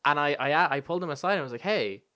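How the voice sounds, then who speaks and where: A young man in his twenties, raised in Spain, with an Irish accent that has an American tinge. He rants and swears freely on a casual podcast. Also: racing. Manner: animated ranting, swears freely, jumps high when exasperated. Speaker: podcast co-host.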